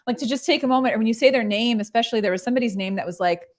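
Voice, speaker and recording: A woman's voice: on the high side, racing. Bubbly chatty woman host. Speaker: show host. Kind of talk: casual livestream chat.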